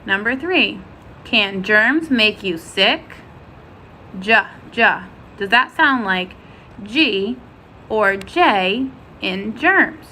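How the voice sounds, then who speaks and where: A woman teaching a first-grade phonics lesson, sounding out letters and words slowly and clearly. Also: mid-range voice, expressive, bright, forceful tone, a little hiss or hum, rough recording.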